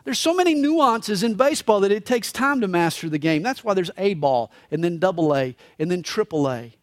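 Male pastor preaching a live sermon, high voice with a wide, lively swing, dry close sound. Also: a little fast, no room sound. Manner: expressive storytelling preacher. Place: church service.

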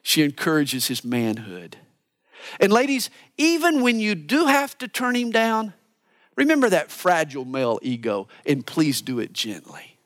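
A man preaching a sermon as a pastor, animated and earnest, dropping to hushed asides for emphasis. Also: fairly high pitch, a little slow. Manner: animated preaching, mimics voices for quotes.

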